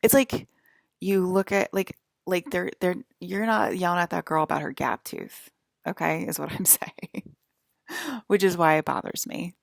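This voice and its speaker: A woman with a low, gravelly voice rambles on at her viewers. She gets agitated, swears freely and keeps stopping to restart her thoughts. The sound is dry and close. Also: steady tone, a little slow, no echo. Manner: rambling, agitated and profane, many fillers and restarts. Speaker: vlogger.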